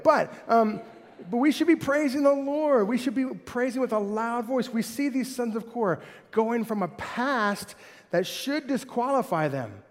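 A male pastor preaching a sermon with animated, conversational delivery that swings between loud and soft. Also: high voice. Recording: hall reverb.

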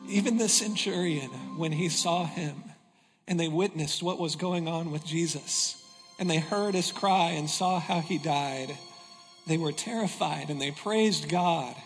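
A man preaching a sermon, reading scripture dramatically and dropping into hushed, intense passages. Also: fairly high pitch, measured pace. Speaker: pastor. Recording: long reverb with music underneath. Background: soft music.

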